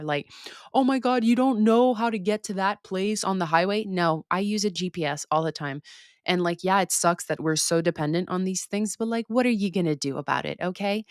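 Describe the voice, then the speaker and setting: A young woman hosting a podcast, telling a story in a casual, animated way, swearing freely and acting out her own reactions. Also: on the low side, no room sound, clean studio sound. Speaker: podcast host.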